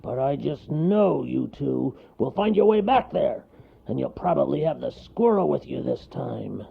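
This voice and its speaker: A man voicing a big grumpy male bear in a storybook, speaking slowly with a growl. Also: medium pitch, expressive, creaky, slightly rough, voice pushed up, exaggerated voice. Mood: gruff. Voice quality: growling, snarling. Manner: slow, curt. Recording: lo-fi recording.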